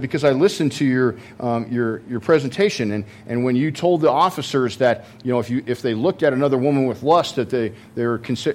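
A man's voice: mid-range voice, darkish tone, slight background noise. A man preaching a sermon, telling a story in a conversational way with many fillers and restarts. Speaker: pastor.

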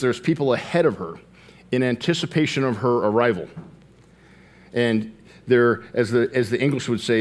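In an expressive, earnest sermon, he slows on the phrases that matter most and climbs in pitch while telling a story.

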